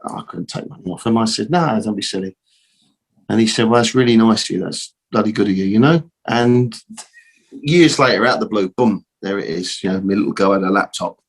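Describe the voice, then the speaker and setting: A middle-aged man with a low, husky voice tells a story in a loose, rambling way. He repeats himself and drops in mild swearing as he goes. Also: a little fast. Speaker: guest, optical shop owner. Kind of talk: casual storytelling interview.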